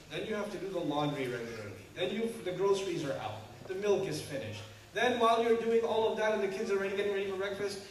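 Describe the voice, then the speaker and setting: A man preaching to a congregation in an animated way, acting out quotes and laughing. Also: sits high. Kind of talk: sermon to a congregation. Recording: echoey hall, distant mic, background hum.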